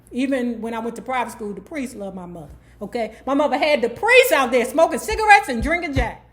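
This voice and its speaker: A Washington, D.C. woman hosts a book club vlog, casually retelling a life story full of candid, profane asides and frequent "okay?" check-ins. Her voice sits a little high.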